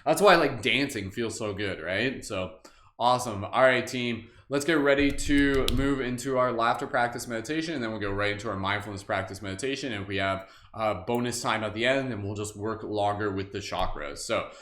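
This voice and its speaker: A man's voice: on the low side, normal speed, a bit bright. A man hosts a live guided group meditation, casual and upbeat, with many fillers and frequent laughs. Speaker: meditation host. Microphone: livestream camera mic. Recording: echoey room.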